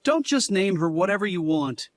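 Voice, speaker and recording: A woman narrator voicing an angry, scheming young man who shouts and snaps defensively. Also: fairly low pitch, big pitch swings, normal speed, no echo.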